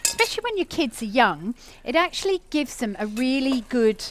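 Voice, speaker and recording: A woman's voice: high voice, big pitch swings, normal speed, slight background noise. A middle-aged woman hosting a live cooking show, talking in a chatty, enthusiastic way. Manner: chatty, enthusiastic, warm-hearted rambling. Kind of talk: live cooking demo chat.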